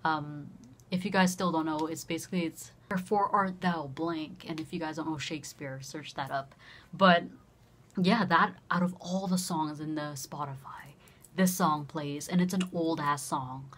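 This young woman vlogger has a deep voice and talks at normal speed while casually telling a story. She gets animated, curses freely, and performs both sides of the exchange.

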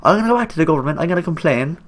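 A man's voice: fairly high pitch, animated, racing. Irish accent, young man, rambling let's play chatter, coarse slang, jokey. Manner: rambling, jokey, talks back at the game characters. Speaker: gaming YouTuber.

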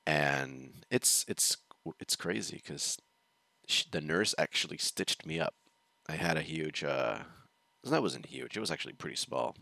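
Deep-voiced man telling a rambling story. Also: gravelly, a bit bright, no echo. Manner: rambling, chuckling, restarts sentences. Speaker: reaction show host. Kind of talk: casual storytelling.

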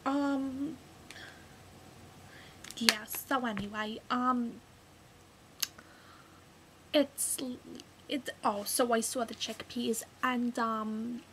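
A woman's voice: on the high side, steady tone, drawn-out words, pauses often, background noise. A woman playing a touchy, rambling mother who is proud of her Italian heritage, with lots of fillers and defensive outbursts in a comic character monologue. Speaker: character vlogger.

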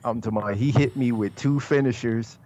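A man guesting on a casual podcast, telling stories in a joking, animated way and swearing. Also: mid-range voice, a little fast, highs cut off. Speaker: guest, online wrestling league player.

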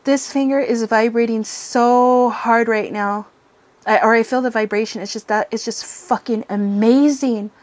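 A young woman hosting a tarot channel, gushing over an unboxing with gasps and breathy excited whispers. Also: a little high, a little slow, a little hiss or hum.

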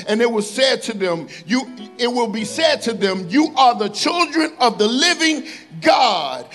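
During a sermon in a church sanctuary, a male pastor whose voice is high and light reads scripture with slow emphasis. He breaks it up with playful remarks to the congregation while faint music plays quietly in the background.

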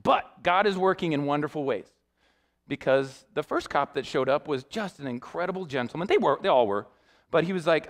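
A young man, a youth pastor, preaching a sermon built around a personal story, talking in an animated way and acting out the people he quotes. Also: a little high, brisk. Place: church sanctuary.

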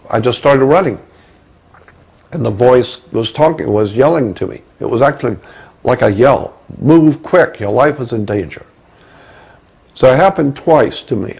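A man's voice: mid-range voice, creaky, a little mellow, breathy edge, low-quality recording. A man, an interview guest, recounting personal experiences in a rambling way and often repeating words as he goes.

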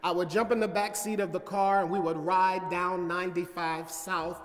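A man's voice: sits high, level tone, soft background music. Preaching man in a reverberant church. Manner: prayerful and measured, then rising preaching cadence. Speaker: pastor. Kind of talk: sermon. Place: church sanctuary.

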